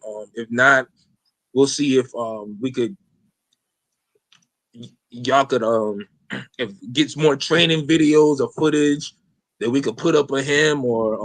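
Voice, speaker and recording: A man's voice: on the high side, a bit bright, dry recording. A man hosting a casual podcast, talking loosely in slang with lots of fillers and swearing. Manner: loose, rambling, profane slang with many fillers. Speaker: podcast host.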